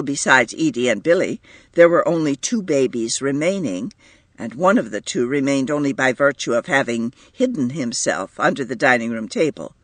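Slow husky man reading a story. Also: fairly high pitch, no room sound. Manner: measured, lively intonation. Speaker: narrator. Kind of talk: audiobook reading.

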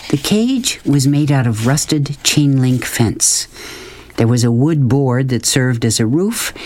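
Slow, expressive woman reading a story. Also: very deep voice. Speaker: children's book reader. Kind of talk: reading a children's novel aloud.

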